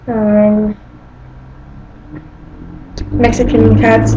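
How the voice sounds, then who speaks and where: A woman's voice: on the high side, monotone, very slow, pauses often, roomy sound, very noisy. A woman with an American accent, chatting playfully to camera while talking to her pet cat at home. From United States. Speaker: vlogger. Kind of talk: casual chat to camera.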